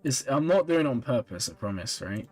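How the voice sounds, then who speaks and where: Man, live-stream chat, casual, tired, mid-pitched voice, soft music in the background. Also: a little fast. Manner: relaxed, chatty, reads and answers chat comments with small laughs. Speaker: streamer reviewing viewers' game accounts.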